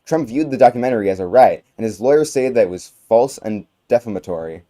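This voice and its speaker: A man's voice: mid-range voice, lively intonation, mellow. A young man co-anchoring a student news show, reading items from a script with occasional slips. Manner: halting read with slips.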